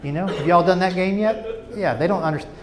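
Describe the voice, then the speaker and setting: A man's voice: sits high, fast. Chatty man telling stage stories. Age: middle-aged. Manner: animated, self-mocking, chatty asides to the audience. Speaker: stand-up comedian. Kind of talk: stand-up storytelling. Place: stage before a live audience.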